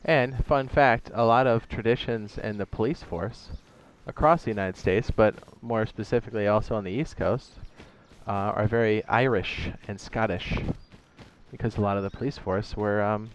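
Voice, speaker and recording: A man's voice: fairly low pitch, fairly even intonation, moderate pace, a little hiss or hum. Chatty male game streamer. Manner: rambling, chatty, says "dude" a lot, talks to himself; reads chat messages aloud. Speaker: streamer playing a survival game. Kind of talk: casual live-stream chat.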